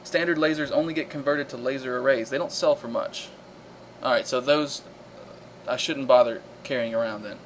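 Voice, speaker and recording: Man, live-stream gamer, excitable, casual commentary, mid pitch, faint background hiss. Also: moderate pace, rough recording. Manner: excitable, reacting loudly to combat and reading chat aloud. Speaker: live-stream game host.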